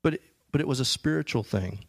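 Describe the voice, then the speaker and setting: A male preacher with a medium-pitched, creaky voice speaks fast with lively intonation, reading scripture and explaining it in a loose, chatty way. He often restarts and fills gaps, and the audio has no echo.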